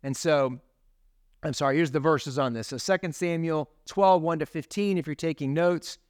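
A man's voice: a little high, normal speed, clean tone, dry recording, studio quality. A man preaching a sermon as a pastor in a conversational way, tossing in tag questions and casual asides.

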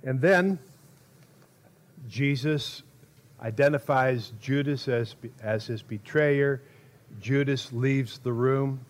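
A man preaching a sermon, telling the story in an animated way and acting out quotes loudly, with short laughs between phrases. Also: mid-range voice, slow pace, pauses often.

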